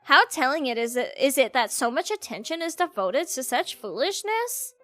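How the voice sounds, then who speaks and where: A woman's voice: high voice, sing-song, moderate pace, sharp tone, dry recording, faint music behind, heavily acted. A woman voicing a haughty, aristocratic male bird who acts as student council president, reading the game's dialogue aloud in a pompous, disdainful way.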